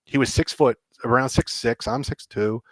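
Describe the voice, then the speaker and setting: Guy telling a story, gets excited, mimics folks, dry close sound. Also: medium pitch, normal speed, dry recording. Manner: excitable, acts out reactions, laughs often. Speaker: guest game developer. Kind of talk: animated storytelling.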